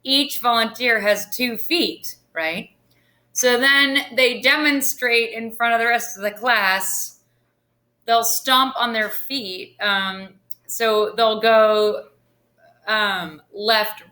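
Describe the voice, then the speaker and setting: A woman teacher giving a recorded screencast lesson in a deliberate, teacherly way with occasional fillers. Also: mid-range voice, bright, forceful tone. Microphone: computer screen recording.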